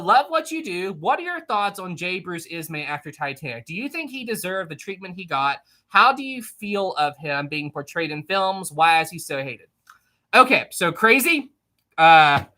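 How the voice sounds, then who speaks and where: Bright-voiced young livestream host. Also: mid-range voice. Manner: rambling, chatty, reading chat messages aloud. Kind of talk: casual livestream chat about history.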